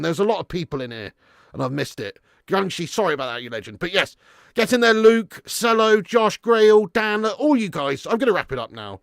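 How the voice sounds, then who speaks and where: A man hosting a live stream, signing off with rapid viewer shout-outs, sweary and exasperated. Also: sits high, vocal fry, no echo, clean studio sound. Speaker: host. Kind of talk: live stream sign-off chat.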